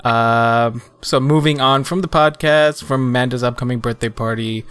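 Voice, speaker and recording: A man's voice: medium pitch, normal speed, a bit bright, smooth, dry recording. A man hosting a casual podcast, talking loosely and hesitantly with many fillers and restarts. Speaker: podcast host.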